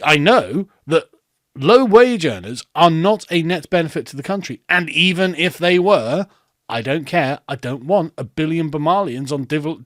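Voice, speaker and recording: A man's voice: high voice, no room sound, clean studio sound. A man hosting reaction commentary, ranting with sarcastic, profane mockery. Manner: sarcastic, profane, mocking, breaks into laughter. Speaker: commentary host.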